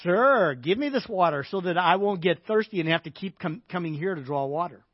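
A man's voice: sits high, big pitch swings, a little slow, slightly rough, dry recording, lo-fi sound, voice pushed up, full character voice. Sarcastic woman at a well, read by a man. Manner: sarcastic, dismissive.

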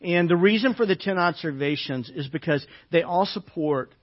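High-voiced pastor preaching with emphasis. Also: male voice, normal speed, dull audio. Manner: reads scripture aloud with rising emphasis, asides to congregation. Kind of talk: sermon.

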